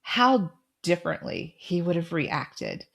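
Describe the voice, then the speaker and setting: Middle-aged woman w a low voice, calm and firm, telling her own story on a podcast. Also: takes it slowly, gravelly. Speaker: podcast host. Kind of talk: personal storytelling and advice.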